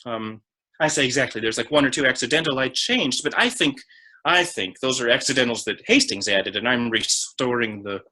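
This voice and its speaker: A man's voice: medium pitch, moderate pace, pushed and bright, rough recording. A man presenting a lecture on old hymn tunes, breaking into sung phrases and counting out beats between explanations.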